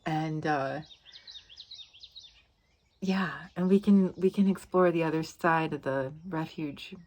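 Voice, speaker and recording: A woman hosting a casual vlog outdoors in a marshy refuge, talking into a handheld camera with giggly, gushing excitement. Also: sits low, slow. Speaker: vlog host. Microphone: handheld camera at arm's length.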